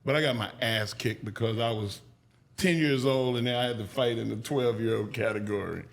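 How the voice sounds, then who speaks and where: A man's voice: mid-range voice, fairly quick, vocal fry. A man telling stories as a podcast guest, casual and profane, acting out the people he quotes. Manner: animated, acts out quoted people with raised voice. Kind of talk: storytelling in a podcast interview.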